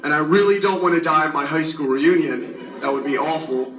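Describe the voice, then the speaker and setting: A young man puts on a cranky, forgetful eighty-three-year-old who complains in a raised, higher voice. It is picked up from a distance in a roomy hall with faint background hum. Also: brisk, a bit bright, highs cut off, lightly acted. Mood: grumbling. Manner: exasperated, complaining. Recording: roomy hall, far from the mic.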